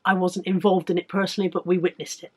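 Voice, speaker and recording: Chatty, slightly croaky English woman. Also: lowish voice, level tone, fast talker, darkish tone. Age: 40s. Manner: candid, chatty, rambling with restarts. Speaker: weight-loss vlogger. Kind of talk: casual chatty vlog.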